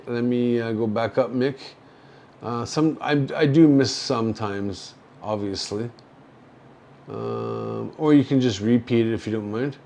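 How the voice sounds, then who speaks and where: An older man chatting on a casual livestream, taking his time over every thought. He rambles and stalls with fillers and small laughs as he answers his viewers' messages in a mid-pitched voice. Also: vocal fry, slight background noise. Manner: halting and rambling, with many fillers and soft chuckles. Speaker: livestream host reading viewer chat.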